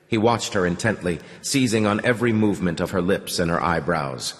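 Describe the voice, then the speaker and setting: A man narrating a novel in an audiobook with an expressive reading. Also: sits low, fairly quick, hardly any pauses, in a large hall. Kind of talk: scripted narration.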